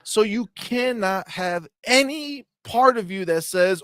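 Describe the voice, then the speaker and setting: A man hosting a casual gaming podcast, brash and profane, mocking people and sometimes breaking into loud shouts. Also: sits high, expressive, slow. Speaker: podcast host.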